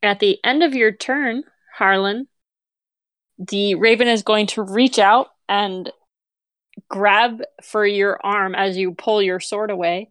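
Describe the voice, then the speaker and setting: A woman acting as game master, narrating a tabletop game with steady, patient rulings. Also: mid-range voice, slow pace, no room sound.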